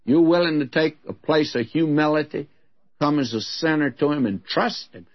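A man's voice: a little high, moderate pace, lo-fi sound. A man giving a sermon as a Bible teacher, in a frank, folksy, conversational way.

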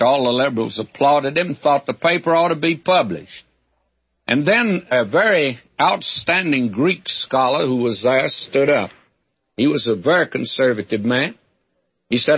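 A man's voice: mid-range voice, slightly rough, dry recording. An older man preaching a sermon, teaching through a Bible passage in a folksy, emphatic way. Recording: dull, lo-fi older recording.

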